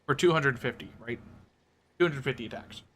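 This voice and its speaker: A man streaming live, explaining tabletop game rules in a blunt, casual way, swearing and clearing his throat often. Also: mid-range voice, a little fast, fairly bright tone.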